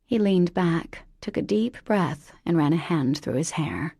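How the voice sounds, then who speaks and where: A woman narrating a romance audiobook in an even, unhurried storytelling manner. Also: on the low side, creaky, husky, no room sound, clean studio sound. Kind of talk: scripted narration.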